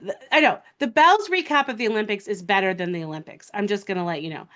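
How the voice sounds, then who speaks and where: A woman hosting a livestream, chatting casually while she works on a craft, her words trailing off quietly as she focuses. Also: medium pitch, quick pace. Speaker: livestream host.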